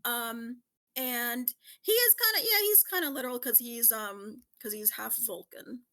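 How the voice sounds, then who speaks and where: High bright excitable woman quizmaster. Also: measured pace. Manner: excitable, laughs often, quizmaster. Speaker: podcast host running a quiz. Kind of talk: casual podcast chat.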